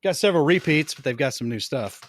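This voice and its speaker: A man's voice: fairly high pitch, animated, fast talker. A man hosting a casual hobby podcast, talking in a laid-back way with dry humor. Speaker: podcast host.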